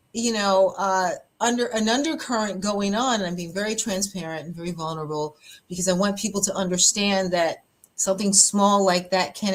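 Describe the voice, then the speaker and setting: Openly storytelling woman pastor, laughing often. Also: medium pitch. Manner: open and animated, laughs often, acts out quotes. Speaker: pastor and podcast host. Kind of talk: candid personal storytelling in a podcast chat.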